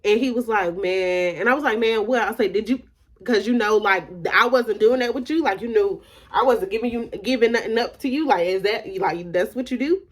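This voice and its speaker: A woman's voice: fairly high pitch, fairly quick. A woman vlogger telling a casual storytime, emphatic and candid, filling her talk with "like" and retelling conversations. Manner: emphatic, repeats "like" often.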